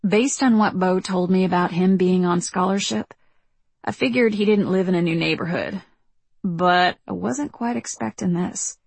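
Breathy, low-voiced woman narrating. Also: darkish tone, dry recording. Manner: measured, reflective storytelling. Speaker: audiobook narrator. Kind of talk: first-person audiobook narration.

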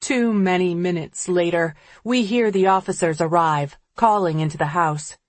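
A woman reading an audiobook in the first person, measured and tense. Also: lowish voice, dry recording. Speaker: audiobook narrator.

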